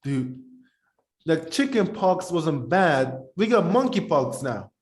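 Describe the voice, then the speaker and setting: Male podcast co-host, high-pitched, rambling casual chat. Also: slow pace. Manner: rambling, animated, talks while eating.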